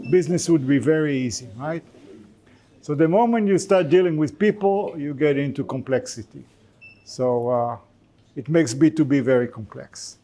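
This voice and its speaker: A male lecturer speaks to a class in a mellow, somewhat high voice. His delivery is conversational and informal, with jokey asides between points.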